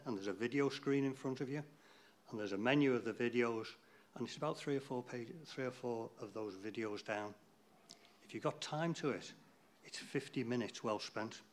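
A man's voice: mid-range voice, a bit bright. A man giving an informal, rambling talk to a church group, chatty and losing his place now and then.

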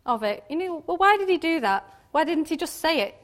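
A woman's voice: high-pitched, big pitch swings, a little fast. Chatty woman giving a devotional talk. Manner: chatty, laughs often, many tag questions. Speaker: Bible teacher.

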